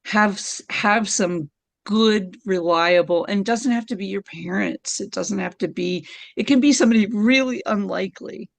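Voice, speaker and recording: A middle-aged woman, a podcast guest, telling stories in an animated way and laughing often. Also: mid-range voice, normal speed, vocal fry, dry recording. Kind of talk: conversational storytelling.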